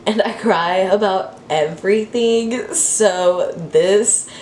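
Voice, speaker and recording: Animated young woman telling a dramatic story. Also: mid-range voice, slow. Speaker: vlogger. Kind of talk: storytime vlog. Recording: roomy echo with faint hiss.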